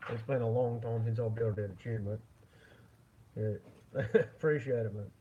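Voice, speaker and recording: A man's voice: medium pitch, fairly even intonation, normal speed, dark tone, slightly rough. A man chatting casually on a live stream, rambling and chuckling with lots of fillers. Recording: dull lo-fi with faint noise.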